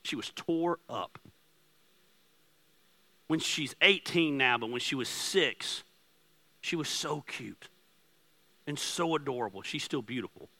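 Impassioned pastor with a bright, forceful voice. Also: male voice, medium pitch. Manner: impassioned, rising to near-shouting; conversational, self-deprecating storytelling. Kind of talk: sermon.

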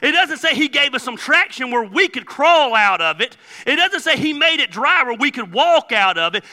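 Male pastor, storytelling sermon, bursts of shouting, long hall reverb. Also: very high voice, a little fast, few pauses. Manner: joking storyteller, animated with sudden loud outbursts. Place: church sanctuary.

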